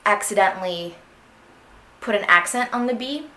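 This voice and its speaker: A woman's voice: medium pitch, normal speed. A young woman teaching an orchestral clarinet excerpt in a casual, chatty way, singing phrases aloud to show them. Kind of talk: instructional music lesson. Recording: echoey room with faint noise.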